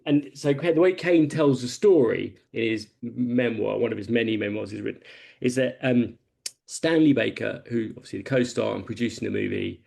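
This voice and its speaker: A man's voice: mid-range voice, vocal fry, a little mellow. A man on a podcast panel, telling a long film anecdote in a rambling, casual way.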